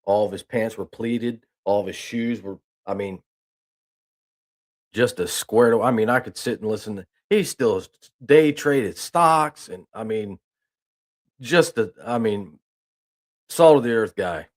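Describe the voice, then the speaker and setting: Folksy low-voiced man telling stories. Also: a little slow. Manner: rambling, folksy, with restarts and "I mean". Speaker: host of a news talk stream. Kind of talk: casual storytelling and reading news aloud.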